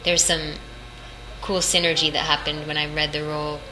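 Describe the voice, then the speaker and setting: A woman's voice: deep voice, level tone, brisk. A young woman voice actress chatting in an interview, rambling and laughing often as she tells her story. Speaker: voice actress guest. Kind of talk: casual interview chat. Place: hotel room at a convention. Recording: noisy room ambience.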